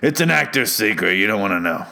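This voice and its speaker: A man putting on an impression of an aging male movie star, speaking in blunt, deadpan, cryptic answers into a studio podcast mic. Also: lowish voice, fast, vocal fry, slight background noise, exaggerated voice.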